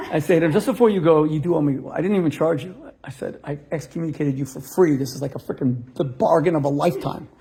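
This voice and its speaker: A man's voice: on the high side, fairly quick, creaky, mellow. A middle-aged male rabbi telling a story in a sermon, acting out both sides of a conversation and landing punchlines. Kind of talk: storytelling sermon to a live audience.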